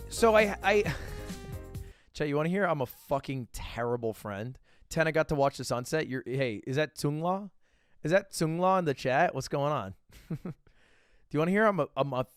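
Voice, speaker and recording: A young man is livestreaming and chatting casually with his audience, telling stories in an excited, rambling way full of stammered restarts and lots of swearing. His voice sits on the high side, and the recording is dry and studio quality.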